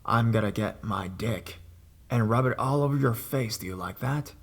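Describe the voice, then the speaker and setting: A man voicing a menacing male prank caller who talks in a deep, rusty, near whisper, slow and leering. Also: natural voice. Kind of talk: horror story reading.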